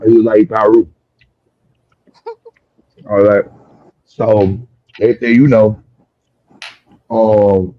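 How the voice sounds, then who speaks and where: A man's voice: fairly low pitch, no room sound, muffled recording. A man telling a long, profane story in a rambling way during a street interview, with many restarts and fillers. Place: outdoors on a city street.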